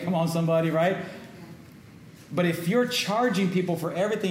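Slightly high-voiced pastor preaching casually. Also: male voice, brisk, a little hiss or hum. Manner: conversational preaching, call-and-response asides. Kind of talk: sermon. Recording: echoey room with faint ambience.

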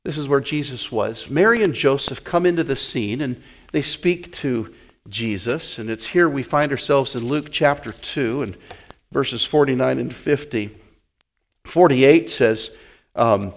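Guy preaching a sermon, kinda high voice, gets worked up and repeats himself. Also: normal speed. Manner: animated, stumbles and repeats words, acts out scenes.

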